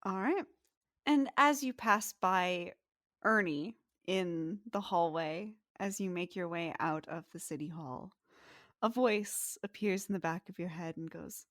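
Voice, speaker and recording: A woman narrating as game master of a tabletop role-playing game, in calm, measured storytelling. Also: lowish voice, no room sound, studio quality. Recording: faint music behind.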